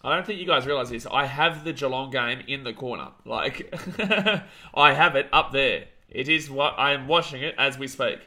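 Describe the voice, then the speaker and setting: A young Australian man hosting a live watch-along of a rugby league match, calling the play, reading chat and ranting, shouting at big moments. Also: medium pitch, normal speed. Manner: excitable, rants, shouts at big plays.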